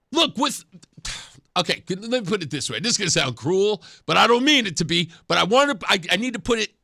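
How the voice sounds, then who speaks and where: A man's voice: sits high, bright, forceful tone, no echo, studio quality. A man hosting a talk radio show, giving sarcastic political commentary and laughing often. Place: radio studio.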